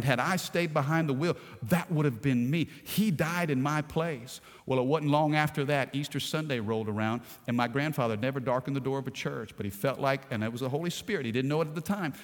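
A male pastor preaching a sermon, moving from quiet storytelling to emphatic, rising preaching. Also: medium pitch, in a large hall.

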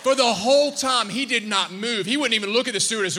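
A man in his thirties preaches a sermon in a large hall, his voice high and bright. He tells stories with animated energy, stumbling into restarts and repeated words. A long reverb trails each line. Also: quick pace, few pauses, a little hiss or hum. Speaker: pastor.

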